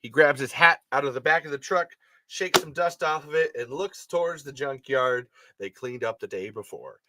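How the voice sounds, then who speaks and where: A man's voice: mid-range voice, moderate pace, very noisy. A man hosting a podcast, reading a story aloud with casual, rambling asides and frequent self-corrections. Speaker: podcast host.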